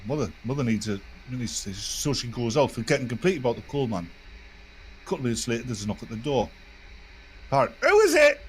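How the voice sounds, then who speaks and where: A man telling long crude jokes in casual chat on an online call, rambling and animated. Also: medium pitch, quick pace, a little hiss or hum. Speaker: podcast co-host.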